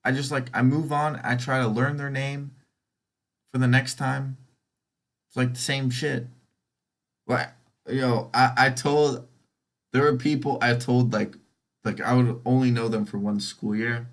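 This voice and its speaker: A man's voice: medium pitch, little pitch movement, unhurried, long pauses. Rambling, foul-mouthed young man. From California. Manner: rambling, profane, goes off on tangents. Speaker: podcast host. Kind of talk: casual solo podcast monologue.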